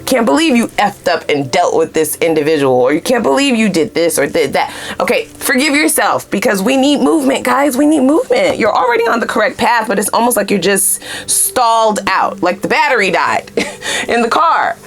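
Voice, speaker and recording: A woman giving a tarot reading in a casual, chatty, profane way, often jumping up into loud high exclamations. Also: very animated, moderate pace, faint music behind. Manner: chatty, blunt and profane, with frequent "you know what I'm saying". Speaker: tarot card reader.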